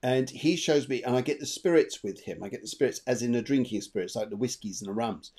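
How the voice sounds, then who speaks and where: A man giving live psychic readings as co-host of an online show, chatty and animated, repeating himself as he goes. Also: mid-range voice, fast, breathy edge. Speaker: medium and co-host. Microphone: video call.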